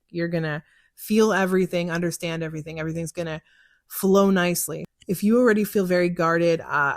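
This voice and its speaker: A young woman talks in a casual, candid way about her work as a psychic, often laughing and acting out what people told her. Her voice sits on the low side for a woman, and the recording is close and dry, with no room sound. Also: no echo. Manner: chatty, candid, laughs often, acts out conversations. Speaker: psychic podcast host. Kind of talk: casual chat answering listener questions. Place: car.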